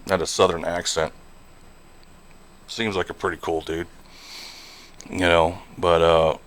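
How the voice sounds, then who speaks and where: A man's voice: low voice, a bit bright, smooth, no echo. A man streaming a trucking game and chatting casually, rambling along with lots of fillers and "you know". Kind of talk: casual live-stream chat while gaming.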